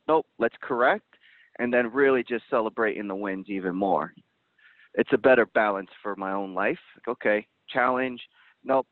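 A man's voice: mid-range voice, no echo. A man in a casual podcast roundtable who talks animatedly and acts out quoted voices. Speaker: roundtable panelist. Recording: tinny dry phone-like line.

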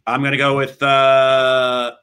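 A man's voice: mid-range voice, completely flat delivery, takes it slowly, sharp tone, smooth. A man co-hosting an online show, chatting casually and answering trivia, with a hesitant and friendly way of talking. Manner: hesitant, lots of restarts, friendly. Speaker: co-host.

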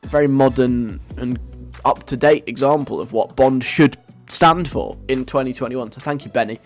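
A man's voice: mid-range voice, moderate pace, faint music behind. A man hosting a radio show in a playful, rambling way, chuckling as he goes. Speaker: radio host. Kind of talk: casual radio chat.

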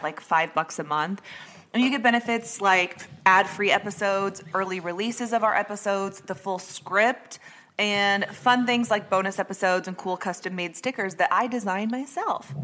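A woman hosts a true crime podcast in relaxed, conversational chat. She rambles a little and stops to correct her own slips, keeping things loose and friendly. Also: medium pitch, slight background noise. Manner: chatty, rambling, self-correcting. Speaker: podcast host.

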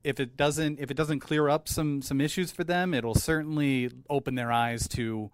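A man's voice: on the high side, steady tone, moderate pace, clean tone, no room sound, clean studio sound. A man who hosts a podcast, talking with enthusiasm and repeating words as he builds a point. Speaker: podcast host. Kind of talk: casual chat.

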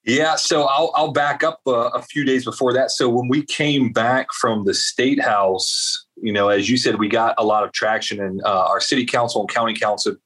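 This man is a guest in an interview, telling a winding story. He keeps stopping to restart and add little asides, and his voice sits at a middling pitch. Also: moderate pace, few pauses, husky. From South Carolina. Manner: rambling, animated storyteller with many fillers. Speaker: veterans advocate guest.

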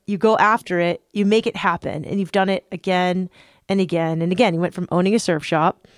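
A woman host reading scripted narration and asking interview questions in a measured, clear way. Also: mid-range voice, no room sound, clean studio sound.

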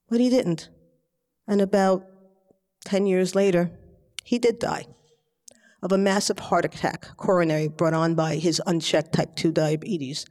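A woman from the Bronx telling a personal story to a live audience, chatty and animated, acting out her family members' voices. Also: fairly low pitch, a little slow, pauses often, big-room sound. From the Bronx, New York City.

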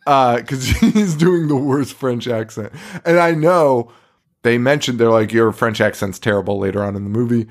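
A man's voice: medium pitch, normal speed. A man co-hosting a podcast, recapping a horror movie in casual chat, swearing freely and laughing between lines. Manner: profane, laughing, sarcastic recapping. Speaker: podcast co-host.

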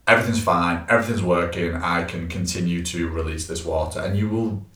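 Guy, deep voice, rattles off fitness tips, echoey room kinda far from mic. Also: fairly even intonation, a little fast, a bit bright. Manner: chatty, filler-heavy, explains tips to listeners. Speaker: personal trainer and podcast co-host. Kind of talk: casual podcast chat.

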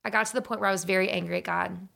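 Gravelly-voiced woman telling her story. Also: mid-range voice, very fast. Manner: earnest, animated, acts out dialogue. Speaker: storyteller sharing a faith testimony. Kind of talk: personal testimony, casual storytelling.

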